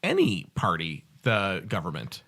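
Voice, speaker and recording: A man's voice: sits low, huge pitch swings, unhurried, creaky, a bit bright. A Canadian man co-hosting a podcast, chatting casually in a rambling, joking, self-correcting way. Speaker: podcast co-host. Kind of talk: casual chat.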